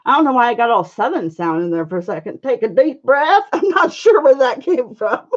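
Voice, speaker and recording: Painting on a live stream, a woman chats with viewers in a slightly high, sing-song voice, talking a little fast. Friendly and loose, she greets them by name and scatters fillers throughout, over dull, low-fidelity audio.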